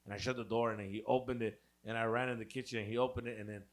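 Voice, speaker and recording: A man's voice: mid-range voice, very fast. A young man co-hosting a podcast, telling a wild story in casual, profane chat and acting out the people in it. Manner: animated, profane, acts out voices in quotes. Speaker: podcast co-host.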